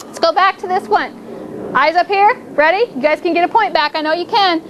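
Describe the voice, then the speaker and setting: High-voiced upbeat woman teaching a class. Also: fairly quick, background noise. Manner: upbeat, coaxing, playful game framing. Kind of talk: classroom phonics lesson.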